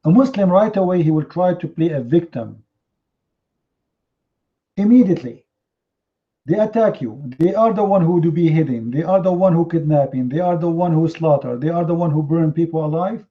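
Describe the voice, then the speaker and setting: A man's voice: on the high side, lively intonation, normal speed. A man hosting a heated live online debate, confrontational and mocking, firing rhetorical questions in non-native English. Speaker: debate host. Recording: slightly muffled online stream audio.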